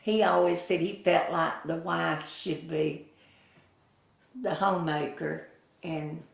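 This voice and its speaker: A woman's voice: low-pitched, fairly even intonation, gravelly, reverberant. An older woman with a Southern US accent, telling folksy stories in an oral history interview. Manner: slow, folksy, chuckling storyteller who acts out quoted voices.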